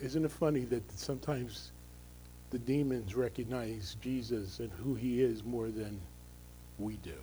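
A man's voice: mid-range voice, a little slow, mellow, a little hiss or hum, rough recording. A male pastor giving a conversational, emphatic sermon, often checking in with the congregation through tag questions.

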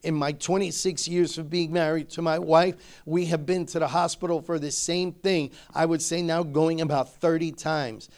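A man's voice: a little high, fairly even intonation, normal speed, few pauses, a little mellow. A middle-aged man, a pastor, preaching a sermon emphatically and building his points through repetition.

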